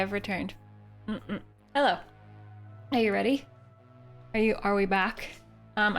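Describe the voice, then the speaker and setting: A chatty young woman from Canada streaming a video game live, talking to her chat and giggling. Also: medium pitch. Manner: chatty, giggly, bursts into excited squeals.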